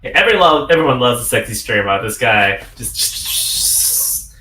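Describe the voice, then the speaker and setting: A man narrating a tabletop game as game master, animated and giggly, with many fillers. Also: mid-range voice, moderate pace. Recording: roomy echo with faint music.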